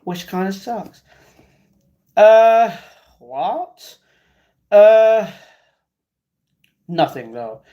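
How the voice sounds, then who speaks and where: A man's voice: high voice, very animated, extremely slow, pauses often, lo-fi sound. A man hosting a live stream, casually reading out viewer comments and bantering back at them. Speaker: livestream host reading chat.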